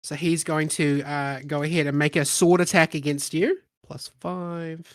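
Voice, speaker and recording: A man narrating a tabletop game as game master in a relaxed, rambling way. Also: on the high side, measured pace, no room sound, studio quality. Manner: relaxed, rambling, many ums and uhs.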